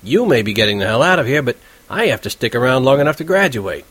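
A man voicing a vain, bossy male prep-school student in an audiobook, with loud scolding outbursts. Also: medium pitch, very animated, quick pace, dry recording. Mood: curt, annoyed.

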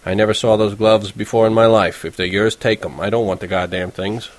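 A man's voice: lowish voice, steady tone, a little fast, dry recording, lightly acted. A man reading out a teenage boy who plays innocent about stolen gloves, speaking in an offhand, feigned-innocent way. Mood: feigned innocence.

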